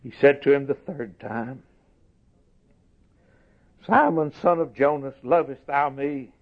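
A man preaching a sermon slowly and emphatically, lifting his voice for quoted scripture. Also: mid-range voice. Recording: tinny phone-like recording.

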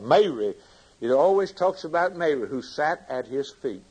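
A man preaching a sermon with fervent delivery, swinging from loud emphasis to hushed lines. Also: fairly high pitch, expressive, moderate pace, husky, rough recording.

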